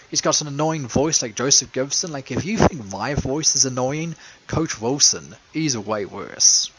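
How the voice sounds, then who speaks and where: A man's voice: mid-range voice, a bit bright, slight background noise, low-quality recording. A man giving a casual, rambling spoken retrospective, sarcastic and crude, full of fillers and self-corrections. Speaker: video maker recapping a call-in show.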